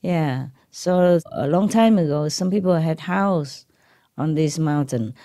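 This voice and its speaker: Mellow-voiced woman chatting with disciples. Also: low-pitched, animated, slow. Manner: chatty and rambling, laughs often, checks in with "okay?" and "right?"; speaks English with some non-native grammar, switches into Chinese. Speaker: spiritual teacher speaking to disciples. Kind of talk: informal talk to a gathered audience.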